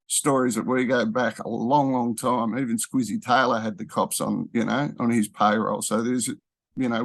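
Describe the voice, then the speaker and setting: A man's voice: medium pitch, no echo. Rambling man, dry close sound. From Australia. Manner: rambling, with frequent fillers and self-corrections. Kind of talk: casual conversational talk.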